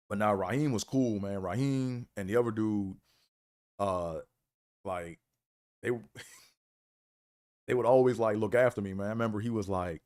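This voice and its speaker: A man's voice: on the low side, moderate pace, long pauses, a little mellow. A man hosting a live stream, telling college stories in a laid-back way, full of "man" and "you know". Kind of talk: casual storytelling.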